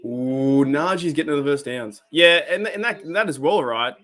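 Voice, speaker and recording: A man with an Australian accent and a slightly high voice hosts a live-stream reaction at a moderate pace. His chat is casual, animated and rambling, with liberal swearing.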